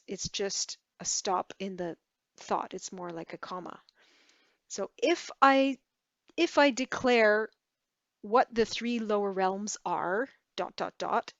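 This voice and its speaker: A woman teaching a Tibetan lesson, halting and correcting herself as she spells words out syllable by syllable. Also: medium pitch, dry recording, highs cut off. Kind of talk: relaxed online language lesson.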